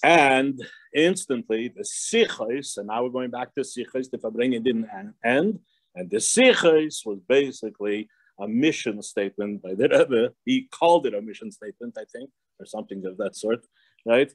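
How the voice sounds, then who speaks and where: A man's voice: medium pitch, animated, moderate pace, dry recording. A man, a rabbi, teaching an informal class, telling stories with many restarts and small laughs. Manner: digressive storytelling with frequent laughs and restarts.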